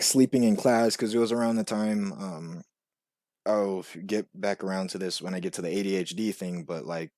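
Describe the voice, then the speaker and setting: A young man telling a rambling personal story, full of "like" and "you know", now and then acting out quoted voices much higher. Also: darkish tone, no room sound, studio quality. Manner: rambling, filler-heavy with frequent "like" and "you know". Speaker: vlogger. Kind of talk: casual storytelling monologue.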